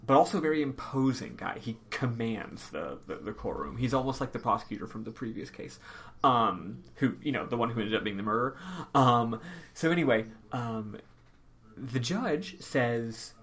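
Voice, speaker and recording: A man hosting a podcast, recapping a game in casual chat, rambling with lots of ums and quick laughs. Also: mid-range voice, expressive, fairly bright tone. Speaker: podcast host.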